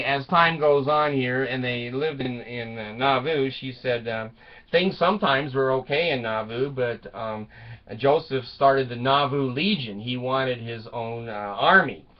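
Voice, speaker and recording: Man, comic storyteller, laughs a lot, fillers, muffled lo-fi sound. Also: medium pitch. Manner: laughs often, rambling with many fillers. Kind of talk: comic storytelling with voiced quotes. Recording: dull lo-fi recording.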